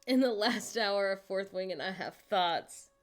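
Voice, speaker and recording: A woman's voice: medium pitch, unhurried. A woman hosting a casual livestream from home, chatting with viewers and muttering to herself as she works. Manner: chatty, talks to herself while working on screen; greets and answers chat viewers. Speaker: livestream host.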